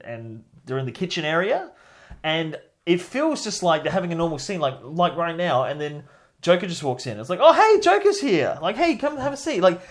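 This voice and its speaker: Lively podcast co-host, man. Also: fairly high pitch. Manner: animated, laughs often, acts out quotes. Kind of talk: casual film review chat.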